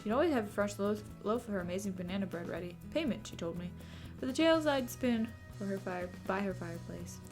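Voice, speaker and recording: A woman's voice: medium pitch, animated, fast, few pauses, over music, voice pushed down, lightly acted. A woman voicing a wandering storyteller who fondly reminisces about an old friend. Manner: fond, reminiscing narration.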